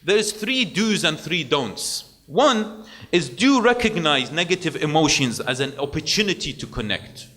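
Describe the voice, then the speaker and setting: A man preaching a sermon to a gathering, lecturing with animated delivery and acting out what parents should say. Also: on the high side, unhurried.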